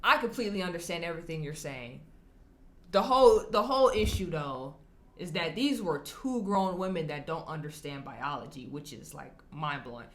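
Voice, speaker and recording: A woman's voice: low-pitched, normal speed. A woman talking casually to camera as a vlogger answering viewer comments, chatty and candid, often laughing as she talks. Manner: animated, acts out quoted people in shifting voices.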